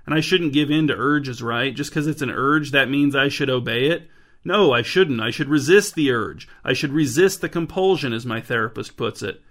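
A man's voice: mid-range voice, moderate pace, a bit bright, lightly acted. A man reading an earnest, over-explaining neighbor. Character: awkward compulsive male neighbor.

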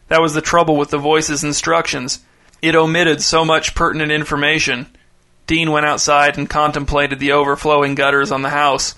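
A man narrating a short story in a measured, deadpan reading. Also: fairly high pitch.

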